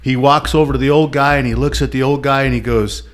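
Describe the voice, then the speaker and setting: A man in a relaxed group conversation, winding through a long joke at an unhurried pace. He puts a bit of energy into the characters' lines, at a middling pitch. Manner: storyteller, acts out the characters.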